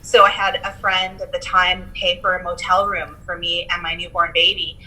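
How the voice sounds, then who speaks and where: Guest, woman in her thirties, bright forceful tone, slightly low pitch, candid and motivational. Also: level tone, moderate pace, a little hiss or hum, low-quality recording. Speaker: podcast guest. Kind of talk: casual interview chat.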